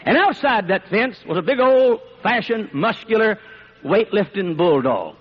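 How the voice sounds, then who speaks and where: A man preaching a sermon in an emphatic, repetitive way that rises to shouts, on a dull lo-fi recording. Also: high voice, lively intonation, measured pace, slightly rough.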